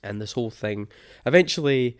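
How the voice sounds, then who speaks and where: A young man at a middling pitch hosts a casual film-review chat. He rambles, circles back on himself and fills gaps with ums as he works toward his point. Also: expressive, a little fast. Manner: rambling, lots of ums and restarts. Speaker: podcast host.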